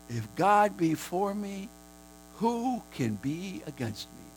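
A man preaching a sermon, repeating phrases for emphasis and swinging between a hushed, prayerful murmur and high, shouted declarations. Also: big pitch swings, slow pace, slight background noise, poor audio.

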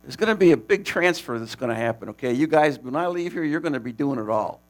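A man casually telling the story of a preaching mission, animated and laughing, with many restarts. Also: mid-range voice, fast.

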